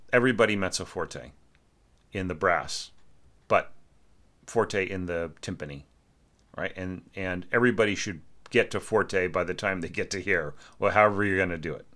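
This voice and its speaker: This man's low voice comes across pushed and bright as he offers chatty, informal feedback on an orchestration. He's a teacher of the craft, leaning on "you know" and "like" and singing notes aloud.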